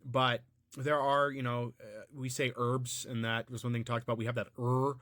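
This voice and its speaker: A man's voice: medium pitch, steady tone, a little fast, sharp tone, dry recording, clean studio sound. An American man giving unscripted, musing commentary, often restarting his sentences. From United States. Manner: rambling and musing, frequent restarts and fillers.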